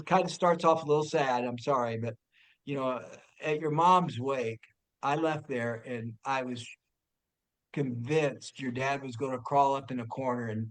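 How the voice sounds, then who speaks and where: A man telling a personal story among family and friends, animated and laughing, with stumbling restarts and bursts of shouting. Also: mid-range voice. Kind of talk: casual storytelling.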